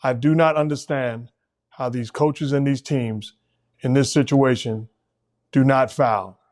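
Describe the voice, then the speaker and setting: A man's voice: mid-range voice, steady tone, unhurried, darkish tone. A middle-aged man hosting a casual basketball talk show, speaking emphatically and repeating words when he presses a point. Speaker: host, former coach.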